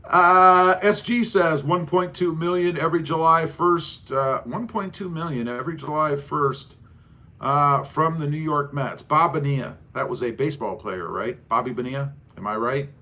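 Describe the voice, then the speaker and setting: A man's voice: on the high side, moderate pace, bright, forceful tone. A man hosting a casual livestream, reading viewers' comments aloud and joking about himself. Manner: jokey, self-deprecating, reads chat aloud. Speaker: livestream host.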